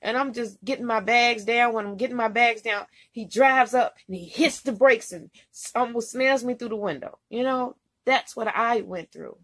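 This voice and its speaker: A woman truck driver tells her viewers a story in a loose, rambling vlog style, full of "you know". Her voice sits a little high and sounds husky. She speaks with feeling and circles back on her points. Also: normal speed, few pauses, a bit bright.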